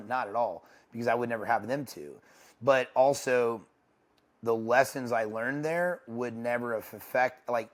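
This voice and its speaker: A young adult man, an interview guest, speaking candidly and haltingly, with many restarts. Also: medium pitch. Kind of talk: casual interview talk. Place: ranch home.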